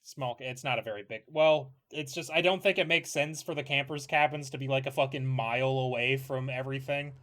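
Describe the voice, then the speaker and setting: A man's voice: mid-range voice, fairly quick, few pauses, a bit bright. A man narrating a tabletop game as game master, rambling and correcting himself as he goes, with casual swearing.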